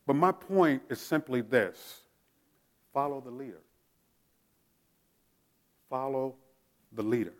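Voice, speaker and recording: A middle-aged man preaching, his voice at a middle pitch for a man. He slips from hushed prayer into animated storytelling and suddenly barks out commands as he acts out the scene. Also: takes it slowly, pauses often. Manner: prays softly, then tells stories with shouted drill commands. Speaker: pastor. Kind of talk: sermon.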